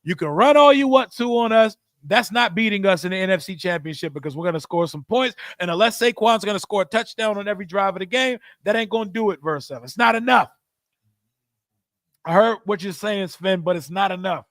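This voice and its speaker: A young man hosting a live sports watch party stream, reacting excitedly and answering chat with big swings between shouting and mumbling. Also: high-pitched, fairly quick, no room sound, studio quality.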